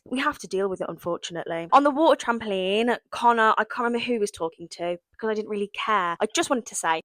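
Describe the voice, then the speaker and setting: A woman's voice: medium pitch, fast, few pauses, fairly bright tone, no room sound. A young woman recapping a reality show in a casual vlog, dramatic and sarcastic, full of mock outrage. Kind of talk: casual reaction commentary.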